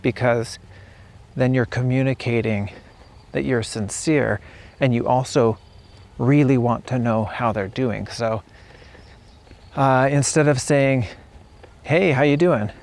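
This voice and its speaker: A man teaching English outdoors while on a walk, speaking in an unhurried way and repeating example phrases to show how they sound. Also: mid-range voice, steady tone, darkish tone. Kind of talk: casual spoken lesson.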